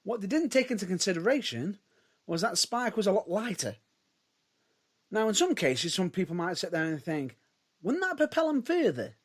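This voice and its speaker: In casual wrestling talk on a podcast he co-hosts, a man with a high voice speaks at a moderate pace. He hedges his points, restarts a lot, and his intonation rises and drops lively.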